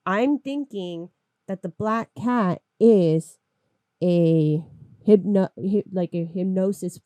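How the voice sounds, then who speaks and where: A woman's voice: mid-range voice, takes it slowly, mellow, no echo. A woman co-hosting a podcast, chatting casually about an old film with jokey, sarcastic banter. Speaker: podcast co-host.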